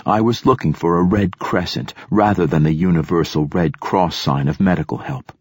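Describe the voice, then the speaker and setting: A man narrating an audiobook in a steady, even storytelling manner. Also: low voice, normal speed, slightly rough, no room sound, clean studio sound. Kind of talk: scripted narration.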